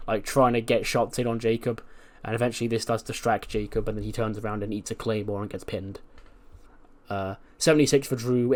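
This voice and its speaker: A man casually narrating a wrestling management game playthrough, chatty and relaxed with frequent fillers. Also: medium pitch. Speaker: game streamer.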